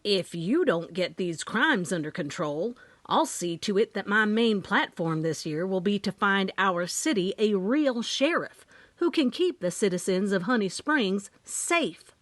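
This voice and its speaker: A woman voicing a small-town mayor who speaks in a slow, threatening way. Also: medium pitch, expressive, a bit bright, no echo.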